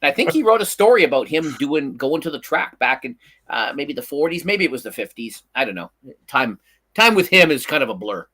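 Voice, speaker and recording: A man's voice: fairly high pitch, brisk. A man co-hosting a casual live talk show, telling stories animatedly and restarting his sentences often. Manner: animated storytelling with many restarts. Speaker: co-host. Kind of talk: casual chat.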